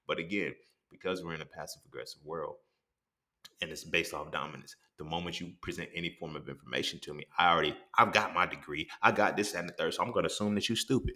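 A man in his thirties talking in a casual monologue for his podcast. He swears freely, uses a lot of slang and jumps into animated quoted exchanges. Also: sits low, fast. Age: 30s. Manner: slang-heavy, keeps asking "you feel what I'm saying". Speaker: podcast host.

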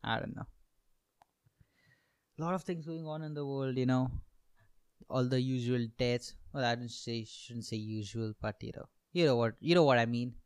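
A man's voice: medium pitch, moderate pace, pauses often, darkish tone, smooth, no echo. A young man hosting a comedy podcast, rambling through a monologue with self-mocking asides and lots of swearing.

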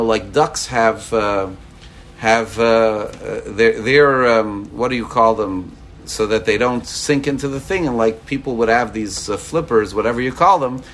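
A man teaching a religious class as an animated storyteller who acts out quoted dialogue. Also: medium pitch, a little hiss or hum. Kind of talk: Torah class lecture.

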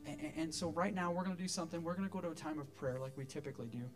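Earnest pastor, man, soft music beneath. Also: on the high side, very fast. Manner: earnest, repeats words when stressing. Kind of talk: sermon. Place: church sanctuary.

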